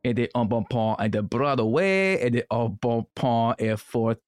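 A man voicing a pompous ship's translator who babbles mock French gibberish in a sing-song, drawn-out way. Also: mid-range voice, smooth, no room sound, clean studio sound, soft background music, pitched below the performer's own voice, lightly acted. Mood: fumbling. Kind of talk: tabletop role-play in character.

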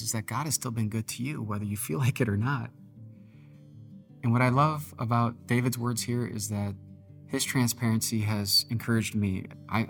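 A man's voice: lowish voice, vocal fry. A man preaching a devotional sermon on a podcast, talking earnestly and conversationally, sometimes reading with dramatic emphasis. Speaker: pastor.

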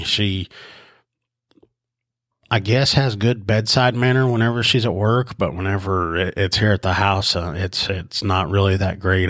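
A man's voice: sits low, a bit bright, dry recording, clean studio sound. A congested man, a sheriff's investigator and podcast host, telling a story casually with lots of fillers and restarts. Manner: rambling, with many fillers and restarts. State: congested, stuffed up.

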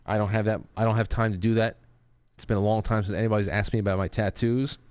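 A man's voice: lowish voice, level tone, fast, darkish tone, clean tone, no room sound, studio quality. A man hosting a casual live talk show who reads out viewer messages and rambles with restarts and profane asides. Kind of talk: casual live-stream talk, reading super chats.

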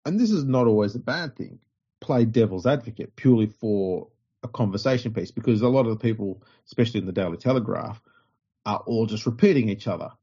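Gruff podcast co-host, sweary and blunt, husky low voice, lo-fi audio. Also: male voice, expressive, brisk, warm tone. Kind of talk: casual podcast chat.

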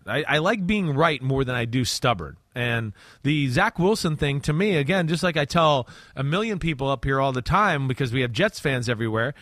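A man's voice: fairly high pitch, fairly bright tone, dry recording, studio quality. A man with a New Jersey accent co-hosting a casual sports podcast, chatty and self-correcting, full of fillers. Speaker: podcast co-host, football analyst.

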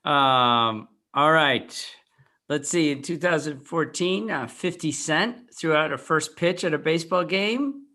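A man's voice: on the high side, unhurried, sharp tone. A man hosting a podcast in casual chat, reading out items and quizzing his co-hosts. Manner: runs the segment, reads out items and asks questions. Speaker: podcast host.

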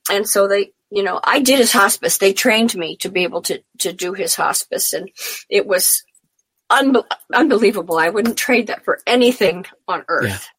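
A middle-aged woman recounting personal memories in an interview, her voice sitting at an ordinary pitch. She talks in a heartfelt, meandering way and often restarts her sentences. The sound is close and dry. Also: normal speed, fairly bright tone, husky, no room sound. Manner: heartfelt, rambling storytelling with frequent restarts. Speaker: interview guest. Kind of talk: casual interview storytelling.

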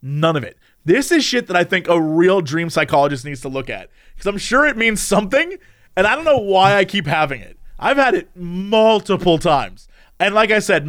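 A man in casual conversation, recounting a strange recurring dream with lively delivery and frequent laughs. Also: high-pitched. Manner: animated, acts out quoted voices, laughs often. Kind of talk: casual storytelling chat.

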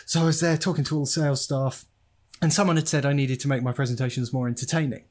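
A man's voice: medium pitch, flat delivery, fast, darkish tone. A man hosting a casual podcast chat, telling stories and laughing often. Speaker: podcast host.

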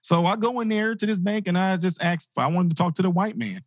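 Husky man telling a life story. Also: high-pitched, fast. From grew up in inner-city projects. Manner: animated, acts out quoted voices. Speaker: motivational speaker. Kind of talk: storytelling talk.

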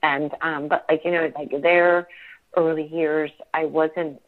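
Low-voiced woman on a tinny line. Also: little pitch movement. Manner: halting, full of fillers and restarts. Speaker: podcast guest. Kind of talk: emotional personal interview.

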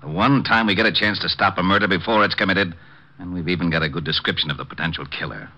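An actor playing an exasperated, gruff male police lieutenant in a 1940s radio drama. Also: deep voice, quick pace, pushed and bright. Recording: muffled old radio broadcast.

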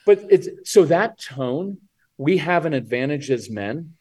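A man's voice: fairly high pitch, a little slow, breathy edge. A man on a podcast as a parenting coach guest, talking casually and acting out what kids and parents say. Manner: animated, acts out kids' and parents' lines.

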